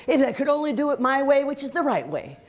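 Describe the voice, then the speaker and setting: A middle-aged woman with a high-sitting voice speaks at a quick pace. A motivational speaker, she gives a humorous workshop talk to soldiers before a live audience in an event hall, joking lively and drawing listeners in.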